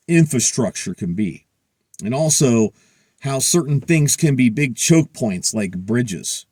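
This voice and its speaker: A man's voice: medium pitch, no echo, clean studio sound. A middle-aged man hosting a prepper channel, talking to camera in a blunt, profane, heated casual rant.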